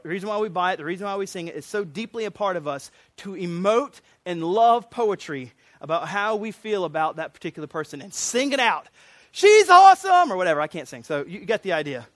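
Man, pastor, sermon, conversational, plain-spoken, high voice, dry recording. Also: dry recording.

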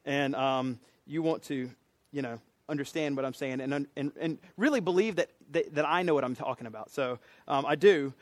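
A man's voice: on the high side, normal speed, no room sound. Southern man preaching a casual sermon. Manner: conversational and folksy, self-deprecating asides. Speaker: pastor teaching a doctrine class.

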